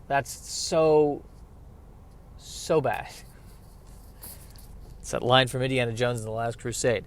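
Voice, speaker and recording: A man's voice: medium pitch, slow pace, long pauses. A man giving a rambling, self-deprecating comic monologue outdoors near a street. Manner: self-deprecating, riffs with rising exasperation. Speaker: vlogger.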